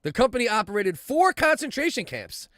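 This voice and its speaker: A man's voice: very high-pitched, a little fast, no echo, studio quality. A man co-hosting a podcast, trading crude, mocking jokes and rants in casual banter. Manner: profane, animated, mocking. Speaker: podcast co-host.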